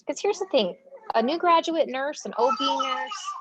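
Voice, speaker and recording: A high-pitched American woman speaking at a moderate pace, she's a front-line nurse guesting on an interview and telling lively, casual stories packed with fillers and acted-out dialogue. The audio is dull and lo-fi from a dry room, with background noise.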